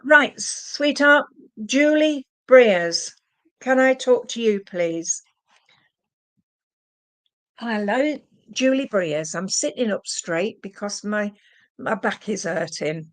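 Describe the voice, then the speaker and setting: A woman's voice: mid-range voice, animated, takes it slowly, pauses often, a bit bright. A woman giving psychic card readings on a live stream, calling viewers "sweetheart" as she relays messages from spirits. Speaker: psychic medium.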